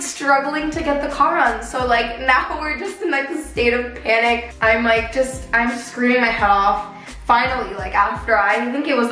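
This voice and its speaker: Chatty young woman vlogger, roomy echo. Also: a little high. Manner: animated, chatty, many "like" fillers. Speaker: beauty vlogger. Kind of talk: casual storytime vlog while doing makeup. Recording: roomy echo with faint background music.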